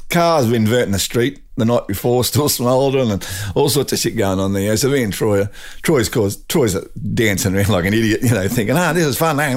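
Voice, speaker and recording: An older man with an Australian accent, a guest telling a rambling, animated anecdote full of restarts. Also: medium pitch. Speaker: guest, retired drag racing champion. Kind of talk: storytelling anecdote.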